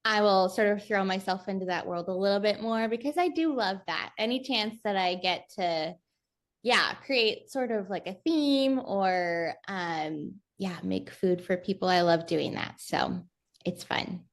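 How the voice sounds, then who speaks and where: A woman's voice: mid-range voice, unhurried. A woman in her thirties, a podcast guest who chats casually and laughs often. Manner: laughs often, soft and chatty. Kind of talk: casual chat.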